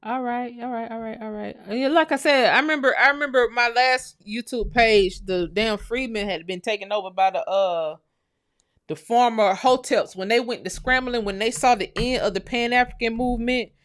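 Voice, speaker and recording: Recorded dry and clean in a studio, an American livestream host with a fairly high voice speaks at normal speed. She reads out viewer comments and fires back with blunt, animated replies, peppered with swearing and addressed to "y'all."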